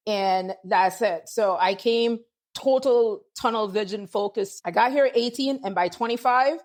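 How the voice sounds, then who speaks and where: A woman in her forties from Antigua, with a lightly Antiguan accent softened toward American speech, telling stories in a casual podcast conversation. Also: mid-range voice. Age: 40s. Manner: animated storyteller, quotes people in lively voices. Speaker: guest, lawyer and author.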